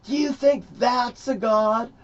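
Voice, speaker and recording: A man voicing an angry adult woman, scolding in a shrill, mocking tone. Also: steady tone, slow. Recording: dull lo-fi recording.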